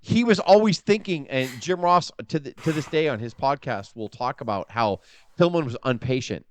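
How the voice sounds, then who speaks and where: A man co-hosting a casual podcast chat, talking in an animated, profane way. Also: medium pitch, normal speed, a little hiss or hum. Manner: animated and profane, acts out quotes. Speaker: podcast co-host.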